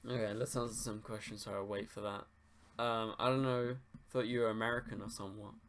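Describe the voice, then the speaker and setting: Gravelly laid-back young man. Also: fairly low pitch, flat delivery, fairly quick, a bit bright, a little hiss or hum. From England. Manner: laid-back, rambling, swears casually. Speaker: livestream host. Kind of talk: casual livestream chat answering viewers.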